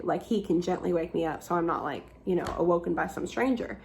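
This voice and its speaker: A woman's voice: lowish voice, a little fast, hardly any pauses, darkish tone, slight background noise. A young woman vlogger telling a story in a casual, chatty way, full of "like" fillers and the odd swear word.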